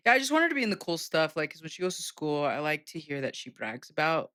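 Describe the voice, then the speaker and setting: A young woman with a bright, forward voice, joking around in casual podcast banter. She talks loosely and jumps from thought to thought. The sound is close and dry with no room echo. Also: low-pitched, sing-song, quick pace. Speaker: podcast co-host. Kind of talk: casual chat.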